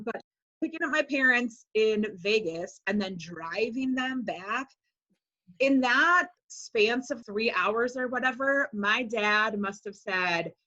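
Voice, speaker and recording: A woman in her forties from Wisconsin, a high school teacher telling her story as an interview guest, animating quotes in a chatty way. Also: dull audio. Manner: animated, acts out quoted speech with "like".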